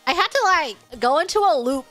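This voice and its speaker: A woman streamer chats casually and tells her stories with lively exasperation, sometimes breaking into shouts. Her voice is high and bright. Faint music plays underneath. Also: normal speed. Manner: animated, exasperated storytelling with shouted outbursts. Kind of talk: casual stream chat, storytelling.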